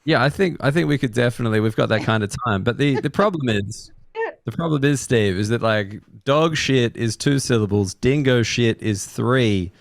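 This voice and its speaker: A man's voice: medium pitch, normal speed, gravelly, dry recording. Australian guy cohosting, cheeky and sweary, dry close sound. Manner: joking, profane, quizzing. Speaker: podcast co-host. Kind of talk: casual comedic chat.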